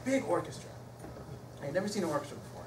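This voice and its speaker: A middle-aged man, a musician and guest speaker, tells a personal story in a lively lecture, swinging between loud excitement and hushed emotion. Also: high voice, very fast. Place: lecture hall. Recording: echoey hall from far off, noisy.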